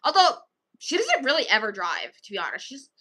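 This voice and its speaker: A woman talks casually to her livestream viewers, wandering from one thought to the next. Her voice sits a little high and sounds very bright and sharp. She sounds tired but still eager to chat, with sighs between thoughts. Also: wildly swooping pitch, a little fast. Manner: rambling, chatty, tired, sighing.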